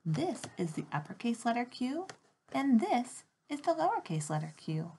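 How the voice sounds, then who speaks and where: A young woman teaches a phonics lesson to small children from her home. Her voice swoops up and down in a lively, sing-song way, with a touch of gravel at the ends of phrases. She stretches out each letter sound slowly and clearly. A faint hiss runs under the recording. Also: fairly high pitch. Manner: slow, exaggerated sound modeling for young children.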